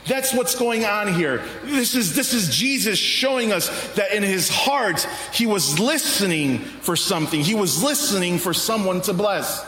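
Male pastor, fairly high, forceful voice; emphatic sermon delivery with rhetorical questions. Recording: roomy hall reverb, faint ambience.

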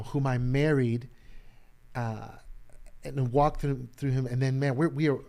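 A man who is a pastor tells a personal story in a relaxed conversation, with his voice at an ordinary male pitch. He is openly emotional. He goes loud and animated when he acts out what people said. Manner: emotional, animated retelling, acts out quotes loudly. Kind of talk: personal storytelling in casual chat.

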